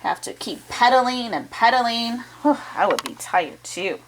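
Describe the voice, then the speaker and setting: A woman's voice: on the high side, lively intonation, a little slow, a little hiss or hum, low-quality recording. A woman reading a chapter book aloud to children, with chatty asides to her young listeners. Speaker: children's storytime reader.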